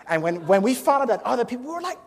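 A man preaching a sermon as a story, acting out voices with sudden high shouts and laughter. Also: expressive, rapid-fire, a little hiss or hum.

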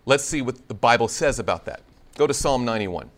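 Animated male preacher with lively pitch. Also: brisk. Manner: conversational, animated, acts out biblical dialogue with humor. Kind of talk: sermon.

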